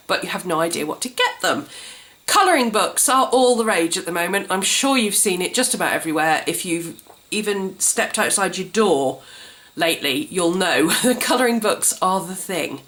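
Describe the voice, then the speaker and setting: A woman vlogging a gift guide in a chatty, enthusiastic way, her voice congested and a little gruff from a cold. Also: medium pitch, a bit bright. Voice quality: slightly gruff. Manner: chatty, enthusiastic, self-described colouring book nerd. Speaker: craft vlogger. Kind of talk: casual gift guide chat.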